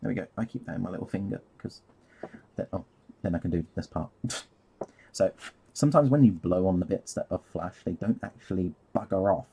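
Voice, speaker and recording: Gravelly low-voiced man chatting. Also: a little fast, background noise. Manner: rambling, easily distracted, chuckles at himself. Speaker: live streamer painting miniatures. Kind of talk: casual live-stream chat.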